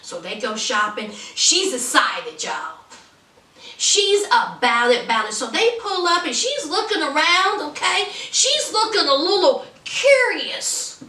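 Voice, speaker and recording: Sassy high-voiced woman gossiping. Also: sing-song, a little slow, bright, forceful tone, recorded from a distance. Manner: sassy, gossipy, calls viewers honey and child. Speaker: reality TV reviewer. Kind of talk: casual commentary. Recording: roomy, voice off the mic.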